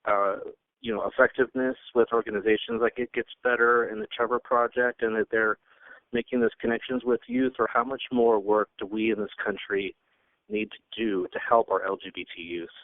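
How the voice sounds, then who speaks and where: A man's voice: lowish voice, brisk, no echo. A man hosting a radio interview, supportive and repeating words as he shapes his questions. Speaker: radio host. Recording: tinny phone line.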